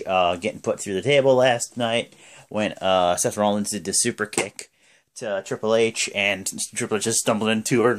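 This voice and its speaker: A man giving a casual, rambling spoken recap, full of fillers. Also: on the low side. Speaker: wrestling show recapper.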